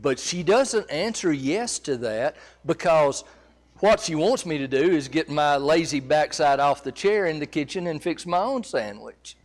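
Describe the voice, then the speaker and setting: Man teaching a marriage seminar, pitched a touch high. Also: animated, unhurried. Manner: conversational, checks in with the audience. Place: church.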